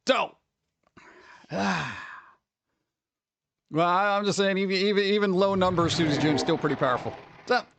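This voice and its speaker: A man hosting a casual live stream, rambling excitedly and greeting chat members by name. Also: sits high, normal speed, gravelly, long pauses, slight background noise. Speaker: livestream host.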